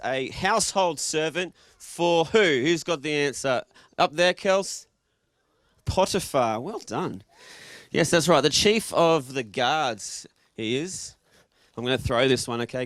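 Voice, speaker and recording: A man's voice: fairly high pitch, fairly bright tone, no echo, studio quality. Joking Australian man preaching. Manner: joking, casual, quizzes the audience. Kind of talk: interactive sermon to a live congregation.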